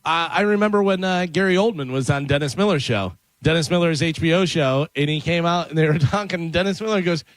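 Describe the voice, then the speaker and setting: A man's voice: on the high side, brisk, few pauses, no room sound. A man co-hosting a radio show, reading odd news items aloud with lots of fillers in a chatty way. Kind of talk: casual radio banter. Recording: dry.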